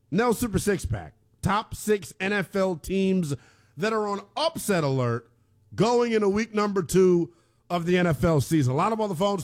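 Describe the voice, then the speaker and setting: Upbeat male sports radio host. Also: high-pitched. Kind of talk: radio show host and ad read.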